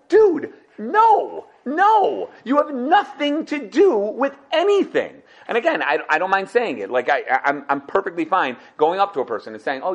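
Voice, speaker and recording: A young man giving a scornful, sarcastic religious talk, swinging from loud outbursts to hushed asides. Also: sits high. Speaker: Torah speaker.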